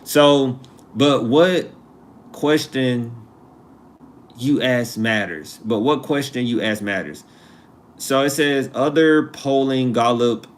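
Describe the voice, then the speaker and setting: Speaking slowly at a medium pitch, a live-stream host chats casually over slight background noise. His talk is loose and conversational, wandering off topic, and he repeats things to drive them home.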